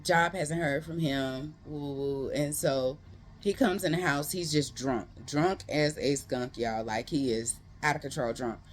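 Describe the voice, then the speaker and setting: A book reviewer giving a casual, animated retelling of a novel's plot, full of slangy asides to viewers. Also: mid-range voice, measured pace, slight background noise. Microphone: close.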